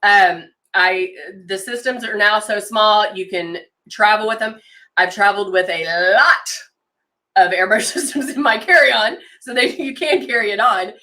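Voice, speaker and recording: Woman, makeup consultant, live-stream demo, chatty, enthusiastic, bright tone, mid pitch. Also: a little slow. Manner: chatty and enthusiastic, reads out viewer comments.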